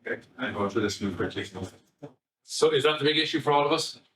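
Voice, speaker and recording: Irish guy giving a talk to parents, bright voice, chatty and rambly with stories, sounds far off in an echoey hall. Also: fairly high pitch, expressive, quick pace. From Ireland. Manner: chatty, anecdotal, with frequent restarts and asides. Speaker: family psychotherapist giving a talk. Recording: echoey room, far from the mic.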